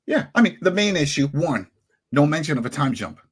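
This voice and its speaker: Husky guy hosting a podcast, voice jumping all over the place, mad and ranting. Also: fairly quick. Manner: angry, animated ranting with sudden pitch jumps. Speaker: podcast host. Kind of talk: heated podcast rant.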